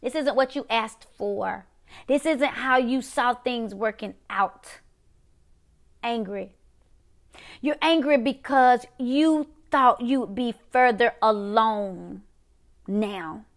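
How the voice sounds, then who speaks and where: A woman in middle age preaching a prophetic sermon, her voice pitched a little higher than most. She drives each point home by repeating short phrases, with a rhythmic call-and-response cadence. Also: slow pace.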